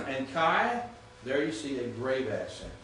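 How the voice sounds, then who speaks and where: This Greek teacher talks slowly in a pushed, bright mid-range voice with big pitch swings, lecturing patiently and often making sure students understand. He was recorded from a distance in an echoey room with some hiss or hum.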